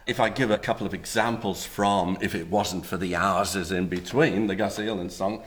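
A man's voice: sits low, steady tone, moderate pace. A man explaining music history as an interview guest, with patient, lecturing explanations.

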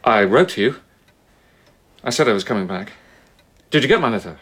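An actor playing a middle-aged gentleman with a soft, wistful, reflective manner. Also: fairly low pitch, sing-song, fairly quick, slightly rough, dry recording, full character voice. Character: Peter Walsh, middle-aged gentleman, old suitor.

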